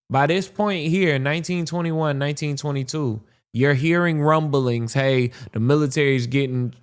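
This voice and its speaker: A man hosting a podcast, reacting to a history video in casual, profane commentary, thinking aloud with restarts. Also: fairly high pitch.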